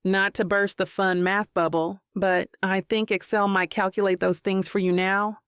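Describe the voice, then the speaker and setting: A woman's voice: mid-range voice, flat delivery, moderate pace, a bit bright, clear, resonant tone, dry recording, studio quality, close to an everyday voice. Woman reading a polite young man on a date. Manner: courteous, eager to please.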